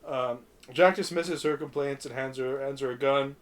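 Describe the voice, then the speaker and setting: A man's voice: mid-range voice, normal speed. A man casually recapping a film on a podcast, rambling with fillers and swearing freely. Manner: rambling, many fillers, acts out quotes. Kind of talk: casual profane podcast chat.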